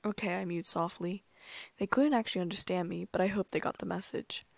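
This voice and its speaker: A woman narrating a first-person audiobook in a calm, even storytelling manner. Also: lowish voice, brisk, gravelly, no echo.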